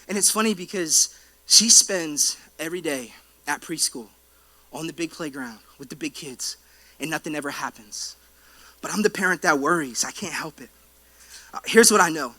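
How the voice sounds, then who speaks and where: Bright, high-voiced young man preaching. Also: expressive, normal speed. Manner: playful, conversational storytelling with asides to the congregation. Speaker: pastor. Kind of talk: sermon. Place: church auditorium.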